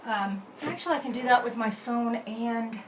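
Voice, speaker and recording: Woman, chatty live-stream host, slightly high voice, echoey room, faint noise. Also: normal speed. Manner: chatty, talks to herself while working the computer. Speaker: card-making channel host. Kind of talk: casual live stream chat.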